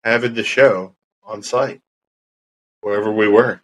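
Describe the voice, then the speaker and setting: Casual podcast co-host: man, deep and low-pitched, laid-back and drawling. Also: steady tone, measured pace, low-quality recording. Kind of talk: casual chat.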